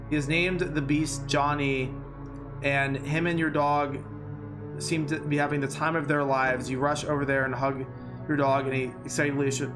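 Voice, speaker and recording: Young guy streamer, talky and sweary, kinda high voice, soft music in the back. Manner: chatty, swears, laughs, emotional reactions. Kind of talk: casual game commentary, reading aloud.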